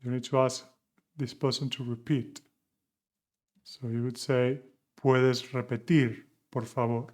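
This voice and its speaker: A man teaching a beginner Spanish lesson, chatting with learners and slowing down to model phrases. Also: medium pitch, flat delivery, darkish tone. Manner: chatty, asks learners questions.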